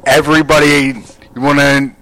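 A woman co-hosting a casual group chat, playful and quick to laugh. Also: sits low, little pitch movement, crowd noise, poor audio.

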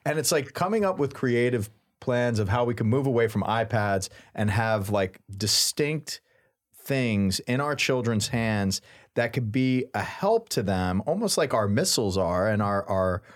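A man co-hosting a podcast, speaking in a measured, thoughtful, casual way. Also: mid-range voice, lively intonation. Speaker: podcast co-host. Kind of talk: casual chat.

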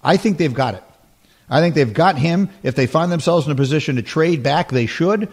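A man's voice: fairly high pitch, animated, fairly quick, husky. A man hosting a sports talk radio show, speaking emphatically and repeating his points.

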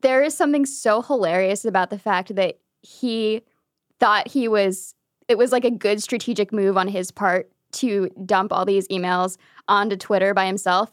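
A woman co-hosting a podcast who explains news briskly and wryly in casual chat. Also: mid-range voice, no echo, clean studio sound. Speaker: podcast co-host and reporter.

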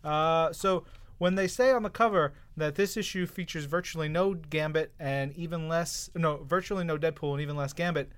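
A man's voice: on the high side, normal speed, a bit bright, smooth. A man co-hosting a podcast, chatting casually and enthusiastically about comics with jokes. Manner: enthusiastic, jokey, puts on silly voices. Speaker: podcast co-host.

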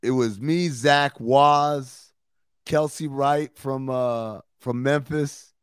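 A male podcast co-host in casual chat who tells stories with a lot of slang and swearing. His voice sits at a middle pitch and is recorded dry and close to the mic. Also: takes it slowly, clean tone, dry recording. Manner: animated storytelling, swearing and slang.

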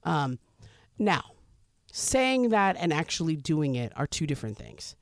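A woman co-hosting a podcast, talking sports in a chatty, animated way. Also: low-pitched, no room sound, studio quality. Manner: chatty, animated, quick asides. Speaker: podcast co-host. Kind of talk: casual sports chat.

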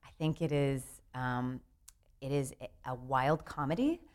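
A playwright from the Southern United States chats animatedly as a guest in a casual interview, laughing and restarting her sentences. Her voice is rumbling and low, unhurried and a little mellow.

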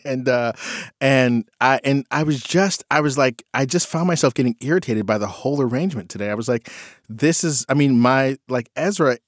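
Male podcast host, mid pitch, reflective casual storyteller, dry close sound. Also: normal speed, dry recording. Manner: reflective storyteller, animated when quoting his kids. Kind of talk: casual chat.

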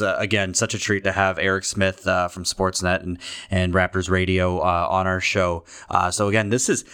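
Laid-back man with a low voice. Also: a bit bright, smooth. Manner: loose, laughing, filler-heavy banter. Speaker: podcast co-host. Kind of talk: casual sports chat.

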